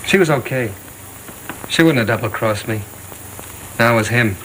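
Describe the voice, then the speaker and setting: A man's voice: medium pitch, moderate pace, natural voice. An actor in a 1930s film playing a nervous young male boxer on the run, who stammers and gets defensive. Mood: rattled. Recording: old film soundtrack with clear hiss.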